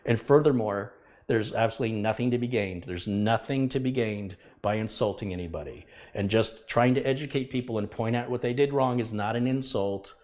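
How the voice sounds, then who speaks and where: Earnest middle-aged man chatting on a live stream. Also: on the low side. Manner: earnest, emphatic, repeats himself to drive a point home. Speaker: livestream host, computer repair technician. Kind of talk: casual live stream chat.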